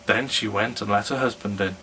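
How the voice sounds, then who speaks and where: A man reading a fairy tale aloud in a slow, measured storytelling manner. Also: lowish voice, steady tone, bright, forceful tone, slight background noise, low-quality recording.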